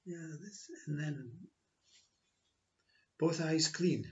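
Guy talking slow and thoughtful about waking up, kinda high voice, dull lo-fi sound. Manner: slow, reflective, repetitive phrasing. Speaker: spiritual teacher. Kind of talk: spiritual monologue.

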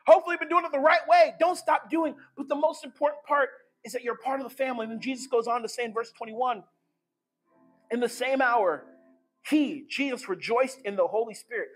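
High, husky-voiced excitable preacher man. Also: fairly quick, soft background music. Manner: excitable, emphatic, swings between loud bursts and hushed lines. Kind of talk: energetic sermon.

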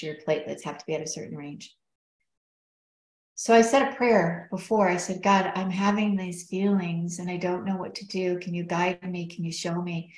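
A middle-aged woman with a lowish voice recounts her own story in an earnest, reflective way. She talks it through as a guest and quotes what others said along the way. The room around her is noticeably roomy and echoey. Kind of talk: personal storytelling in conversation. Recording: roomy echo.

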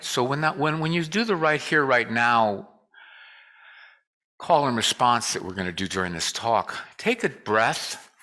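Bright-voiced man giving a lively casual sermon. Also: medium pitch. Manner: joking, conversational, leads call and response. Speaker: guest speaker. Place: church sanctuary.

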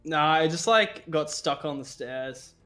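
A man's voice: a little high, animated, unhurried, pushed and bright, soft background music. A man with an Australian accent chatting casually while gaming, laid-back and drily joking, groaning at setbacks. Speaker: gaming YouTuber, teammate. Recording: noisy gaming mic with clicks.

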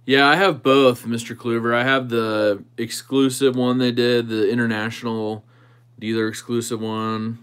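A man's voice: medium pitch, level tone, normal speed, fairly bright tone, clear, resonant tone. A man hosting a knife channel livestream, chatting casually with viewers and thinking aloud while he tinkers with a knife.

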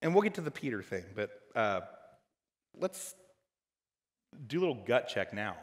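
A man preaching a sermon as pastor, dynamic, moving between loud emphatic lines and quiet, hushed ones. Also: mid-range voice, big pitch swings, moderate pace. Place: church hall. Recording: church hall with long reverb.

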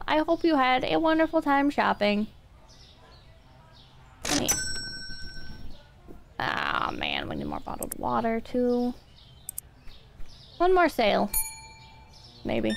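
A woman's voice: on the high side, wildly swooping pitch, slow, vocal fry, long pauses, a little hiss or hum. A woman streaming a game, chatting casually with her viewers in a chaotic, swearing, self-mocking way. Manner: chaotic, swearing, self-mocking, talking to chat while playing. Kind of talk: casual gaming stream chat.

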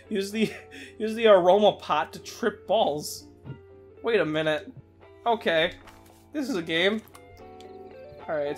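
A let's-play host giving casual, excitable commentary while playing, leaning on "like" fillers and swapping swear words for a silly stand-in. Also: mid-range voice. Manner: excitable, many "like" fillers, swaps swears for "floof".

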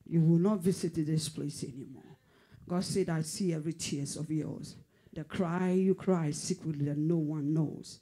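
A fervent male pastor delivering prophecy with a dark, husky tone. He repeats his phrases for emphasis and at times sinks to a whisper. His pitch sits somewhat high for a man. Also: a little slow. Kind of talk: prophetic sermon.

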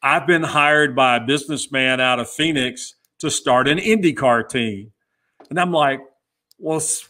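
A middle-aged man, a podcast guest, telling stories in a casual interview and acting out the dialogue he quotes. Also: medium pitch. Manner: lively storyteller who acts out quoted dialogue. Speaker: guest, former pit crew member.

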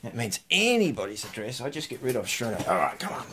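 A man's voice: on the high side, sing-song, brisk, few pauses, background noise. A man hosting a casual unboxing vlog, chatting to viewers and muttering asides to himself as he opens his mail. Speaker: host opening mail.

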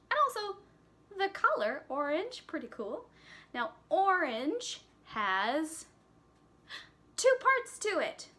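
Lively sing-song children's teacher, a woman. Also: high voice. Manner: sing-song, encouraging, claps and chants words. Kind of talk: children's lesson.

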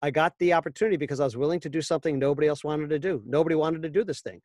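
A middle-aged man talks about his work as an interview guest. His voice sits a little high for a man and carries a wry, joking edge as he tells one anecdote after another. The sound is dry and close, with no room in it. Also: rapid-fire, a little mellow, no room sound. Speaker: voice actor guest. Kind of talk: casual interview.

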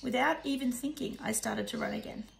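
Slightly gravelly woman narrating a storybook. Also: sits high, brisk, rough recording. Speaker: audiobook narrator. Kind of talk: first-person storybook narration.

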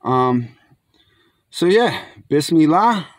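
A man's voice: fairly high pitch, big pitch swings, drawn-out words, dry recording. A young man casually reviewing canned fish outdoors, chatty and laid-back, often calling viewers his friends. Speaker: food reviewer. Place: outdoors in bright sun.

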